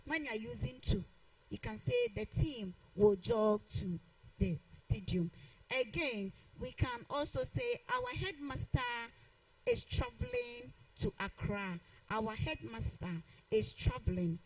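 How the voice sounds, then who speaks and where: A woman giving a televised grammar lesson as a teacher, deliberately repeating each example sentence. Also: high voice, huge pitch swings, vocal fry, rough recording.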